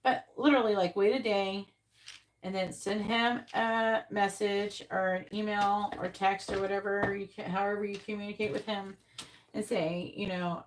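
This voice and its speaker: A woman's voice: medium pitch, level tone, moderate pace, a little hiss or hum, poor audio. A woman giving a casual live-stream tarot reading, blunt and chatty, who swears and repeats her questions to the cards. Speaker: tarot reader.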